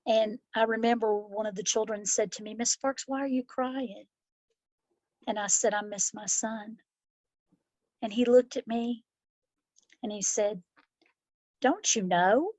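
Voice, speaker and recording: A woman's voice: medium pitch, a little mellow, no room sound. A middle-aged woman, a school principal, answering interview questions with heartfelt, reflective stories. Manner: heartfelt, reflective, acts out children's voices in stories. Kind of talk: interview answers, personal storytelling.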